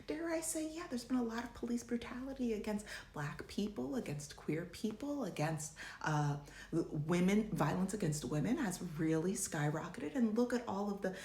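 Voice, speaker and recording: A young woman from the United States talks through a casual video essay. She is sarcastic and full of joking asides, and her pitch jumps up and down. Her voice sits in the middle range and rings in an echoey room. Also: a little mellow. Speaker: journalist and commentator.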